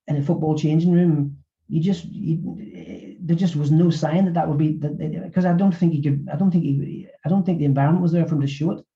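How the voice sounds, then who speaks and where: In a webinar interview, a middle-aged man, an author who used to be a physiotherapist, talks haltingly and repeats many words. His voice is a little high, and the sound quality is lo-fi.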